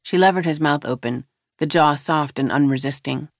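A narrator reads a novel in a measured, steady way. The voice sits in the middle range. The recording is dry and close, with no room sound. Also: medium pitch, no echo.

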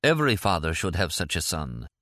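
A stern older Egyptian grandfather, solemn and unyielding, as a male narrator voices him. He speaks low in short, cold sentences. The voice sits close and dry, with a forceful edge. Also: wildly swooping pitch, brisk, no echo, heavily acted. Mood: proud.

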